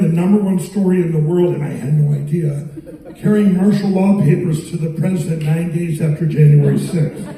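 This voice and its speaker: A man's voice: fairly high pitch, dark tone. A man giving a rambling, anecdotal speech to a live audience at an arts center, acting out the dialogue in his stories. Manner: rambling, repetitive storyteller who acts out dialogue. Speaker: guest speaker at a public event. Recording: echoey hall picked up from far off.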